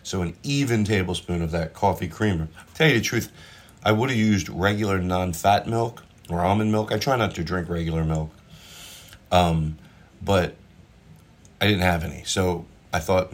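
A man's voice: deep voice, moderate pace. A man casually chatting about his cooking as he eats, rambling and joking in a home kitchen, recorded on a propped-up phone. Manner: rambling, self-interrupting, jokey. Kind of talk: casual food chat while cooking and eating.

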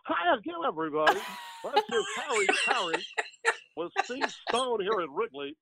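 A man imitating an older baseball play-by-play announcer, with a slow drawl and loud exclamations, over a phone line. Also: extremely high pitch, very animated, vocal fry, very noisy, voice pushed up, exaggerated voice. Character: older male baseball announcer, boozy and gruff.

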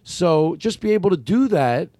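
A man with a Philadelphia accent hosts a loose conversation, circling his point and correcting himself as he goes. His voice sits a bit high for a man, and the sound is dry and close. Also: animated, moderate pace, warm tone, dry recording. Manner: rambling, self-correcting, swears freely. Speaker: podcast host. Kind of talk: casual chat.

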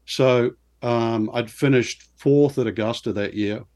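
A middle-aged man from New Zealand, a former pro golfer, telling lively, self-deprecating stories as an interview guest. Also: medium pitch, unhurried. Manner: animated anecdotes with self-deprecating laughs. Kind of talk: casual storytelling interview.

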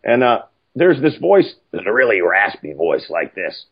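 An older man telling stories casually, animated and profane, acting out other people's lines. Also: lowish voice, normal speed, husky. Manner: animated, profane, acts out quoted voices. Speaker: film writer-director guest. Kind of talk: casual anecdotal storytelling. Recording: muffled lo-fi audio.

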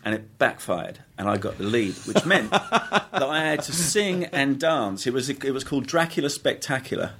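A man's voice: mid-range voice, lively intonation, normal speed, hardly any pauses, a bit bright, husky. A middle-aged man, an actor telling stories in a casual interview, rambling with restarts and frequent laughs. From England. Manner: rambling, self-correcting, laughs often. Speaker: actor, guest.

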